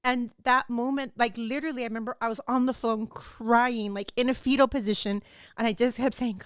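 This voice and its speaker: A woman's voice: fairly high pitch, steady tone, a little fast, clear, resonant tone, dry recording, studio quality. A woman in her thirties hosting a podcast, telling a personal story intensely, peppered with "like" and cursing. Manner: intense, repeats "like" constantly, swears freely. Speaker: podcast host.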